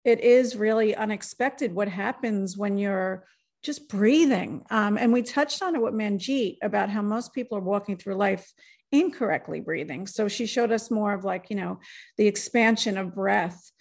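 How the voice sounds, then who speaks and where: A woman's voice: mid-range voice, moderate pace, gravelly, darkish tone. A woman hosting a podcast, chatting casually with her guest and chiming in with short agreements. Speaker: podcast host. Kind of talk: casual interview chat.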